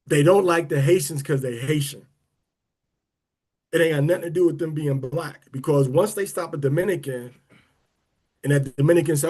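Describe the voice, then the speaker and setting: On a prayer and teaching livestream, a man talks casually to his online audience, rambling with many restarts and drawling words for emphasis. His voice is on the high side and darkish with a breathy edge, moving at a moderate pace with long pauses.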